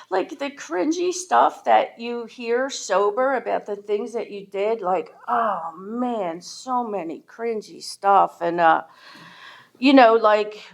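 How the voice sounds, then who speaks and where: A woman's voice: mid-range voice, creaky. A middle-aged woman speaking candidly and self-deprecatingly about her own recovery at a meeting, with a Philadelphia-area American accent and lots of casual fillers. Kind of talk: personal recovery talk.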